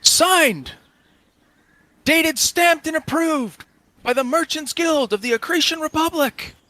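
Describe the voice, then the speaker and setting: Man playing a shouting mercenary rider, high strained voice, formal and indignant. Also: slow, no room sound, heavily acted. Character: shouting male mercenary horseman.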